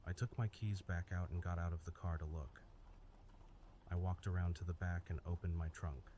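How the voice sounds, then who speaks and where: A man reading scripted first-person horror stories in a steady, measured way. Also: sits low, a little hiss or hum. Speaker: story narrator. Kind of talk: scripted horror story narration.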